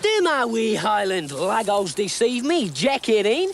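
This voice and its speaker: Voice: medium pitch, very animated, a little slow, creaky, slight background noise. Someone playing Robert the Bruce, a blustering Scot. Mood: gruff. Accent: put-on Scottish. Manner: bombastic, easily flustered.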